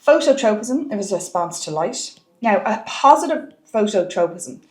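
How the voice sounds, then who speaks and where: A woman's voice: medium pitch, animated, moderate pace, a little mellow, reverberant. A woman teaching a biology exam lesson, stressing key words and repeating points for the marks. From Ireland.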